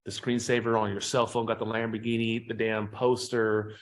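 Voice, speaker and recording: A man talking as a podcast guest and sales trainer, telling profane, animated stories in a casual interview. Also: on the low side, moderate pace.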